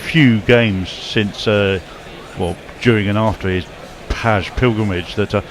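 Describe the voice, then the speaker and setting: A man's voice: fairly low pitch, a little slow, noisy background. A man giving cricket analysis as co-commentator, thoughtful and hesitant. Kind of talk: expert summarising.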